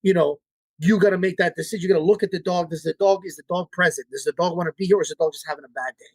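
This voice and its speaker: Guest: man, dog trainer. High-pitched, husky voice, dry close sound. Blunt, profane, repeats himself. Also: racing, darkish tone, dry recording. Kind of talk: casual interview talk.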